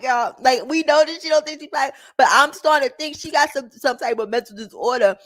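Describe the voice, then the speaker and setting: A woman giving casual, slangy reaction commentary in an expressive, mocking way. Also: sits high, brisk, hardly any pauses.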